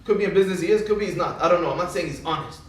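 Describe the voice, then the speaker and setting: A man's voice: high voice, racing. A man giving a religious talk, telling funny stories and acting out the dialogue. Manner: jokey storyteller acting out dialogue. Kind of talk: storytelling Torah talk. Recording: echoey room, voice from far off.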